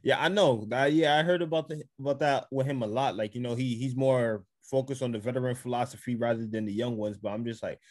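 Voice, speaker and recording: A man's voice: medium pitch, fairly even intonation, fast, hardly any pauses, a little mellow, dry recording, clean studio sound. A man co-hosting a casual sports podcast, laid-back, laughing easily and repeating his points for emphasis. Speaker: podcast co-host.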